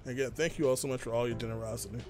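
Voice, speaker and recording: A man's voice: medium pitch, steady tone, racing, a little mellow, faint music behind. A man hosting a charity live stream, talking in an earnest, rambling, down-to-earth way.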